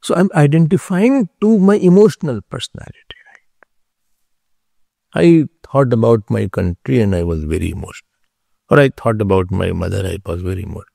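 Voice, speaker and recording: A man teaching a philosophy class, explaining slowly, repeating key terms and checking whether his listeners follow. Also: fairly low pitch, expressive, vocal fry, warm tone, no room sound, clean studio sound. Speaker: spiritual teacher.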